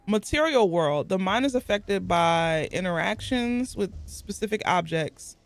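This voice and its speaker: Woman let's-play host, joking asides, lively pitch. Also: unhurried, no echo. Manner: playful, joking, animated asides. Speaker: gaming streamer. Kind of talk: casual let's-play commentary.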